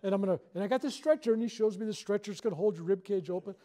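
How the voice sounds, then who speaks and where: A man's voice: high-pitched, racing, warm tone. A man leading a spiritual workshop, telling a personal story to a live audience in a joking, self-deprecating way.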